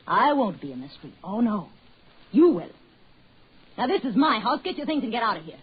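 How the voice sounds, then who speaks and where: An actress playing a scheming wife who turns into a cat, in 1940s radio acting with sneering, shrill lines. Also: female voice, big pitch swings, brisk, breathy edge, heavily acted. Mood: scornful. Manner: sneering, then shrieking in terror. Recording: dull old radio recording with faint hiss.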